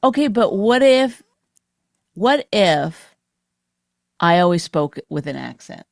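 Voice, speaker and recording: A woman's voice: lowish voice, sing-song, takes it slowly, creaky, dry recording. Teasing Canadian-raised woman, dry close sound. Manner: teasing, argumentative, mimics her husband. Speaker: podcast co-host. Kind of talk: casual banter with spouse.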